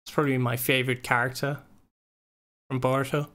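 A young man with a bright, forward voice runs a gaming tournament stream. He talks loosely and rambles, swearing often and leaning on fillers, at an ordinary middle pitch. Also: flat delivery, a little fast. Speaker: tournament organizer and stream host. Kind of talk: casual livestream chat.

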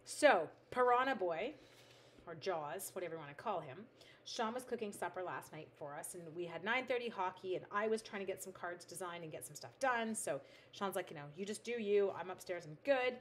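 A woman's voice: fairly low pitch, lively intonation, fairly quick, fairly bright tone, a little hiss or hum. A middle-aged woman hosting a craft livestream, chatting casually and talking to her materials as she works. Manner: chatty, reads out viewer comments, talks to her materials. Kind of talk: casual chat while making cards.

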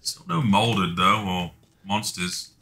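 A gaming video host does let's play commentary, casually talking to himself while he plays, joking and swearing freely. His voice is deep, slow, bright, and forceful.

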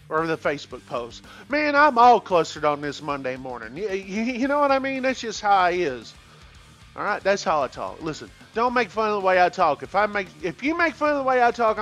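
A truck driver vlogger rambling in a folksy, joking way through a casual opinion rant. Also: male voice, sits high, a bit bright. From Texas.

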